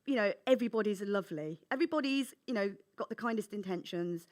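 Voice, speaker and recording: A woman author from England telling childhood stories in a conversational interview, acting out her younger self with animated voices. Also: mid-range voice, fast.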